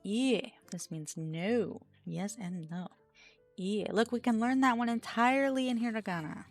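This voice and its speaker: A woman's voice: on the high side, measured pace, soft background music. A woman with an Australian accent streaming a game, reading lesson text aloud and chatting between lines. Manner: reads lesson text aloud, laughs and chats with partner.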